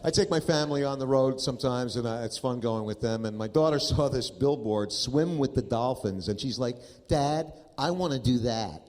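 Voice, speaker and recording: A man's voice: medium pitch, brisk, hardly any pauses, darkish tone. A man in his fifties doing stand-up, telling stories in an exasperated, profane way. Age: 50s. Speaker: stand-up comedian. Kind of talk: stand-up comedy storytelling. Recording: noisy live recording.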